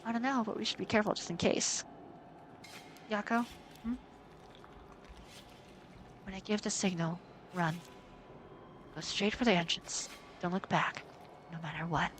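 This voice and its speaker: Calm, brave teen girl, quiet and firm, read by a woman. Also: medium pitch, a little slow, pauses often, slight background noise, close to an everyday voice. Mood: calm resolve. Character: calm, brave teenage schoolgirl.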